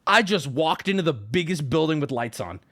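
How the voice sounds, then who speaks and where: A man's voice: a little high, big pitch swings, brisk, fairly bright tone. A man streaming live, telling stories and ranting at his chat in a profane, stammering, riled-up way. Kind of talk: casual livestream rant.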